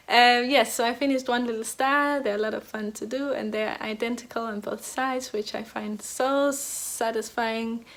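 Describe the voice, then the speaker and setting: Young woman chatting about knitting at home, rambly, kinda high voice. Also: steady tone, measured pace, a bit bright. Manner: chatty, rambling, many fillers and restarts. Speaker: knitting podcast host. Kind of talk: casual chat.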